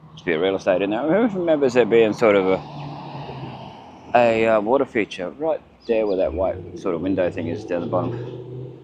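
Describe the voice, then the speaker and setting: With a lowish, expressive voice at normal speed, an Australian man rambles and chats through a walking vlog outdoors by a waterfront, muttering the occasional aside. It is recorded on a handheld camera, giving dull lo-fi audio with faint outdoor noise.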